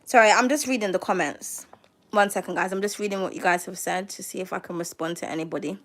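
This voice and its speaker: This woman talks fast in a mid-range, slightly bright voice. A tarot reader at home, she rants casually to a live audience, cursing bluntly and firing off rhetorical questions meant to mock.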